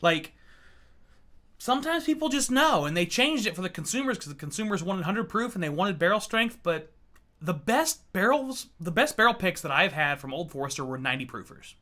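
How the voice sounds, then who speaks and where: Bright-voiced man chatting over a tasting. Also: sits high, sing-song, a little fast. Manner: loose, joking, swears freely; chats with viewers. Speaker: whiskey reviewer and streamer. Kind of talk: casual livestream tasting chat.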